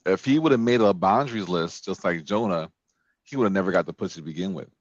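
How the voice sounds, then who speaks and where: A man's voice: deep voice, quick pace, no room sound, dull audio. A man hosting a casual podcast, telling stories with crude jokes and acting out the voices of the people he quotes. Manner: animated storyteller, crude and joking, acts out quoted voices. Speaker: podcast host.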